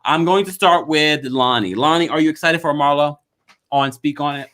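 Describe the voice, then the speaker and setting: A man's voice: a little high, normal speed, a bit bright. A man hosting a live celebrity gossip stream, chatting casually and laughing often. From raised by a Jamaican mother. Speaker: podcast host.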